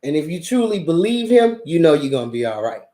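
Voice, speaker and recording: A woman hosting her channel delivers a casual monologue of stories in a low voice, talking fast. She curses freely and laughs a lot, and the sound is roomy.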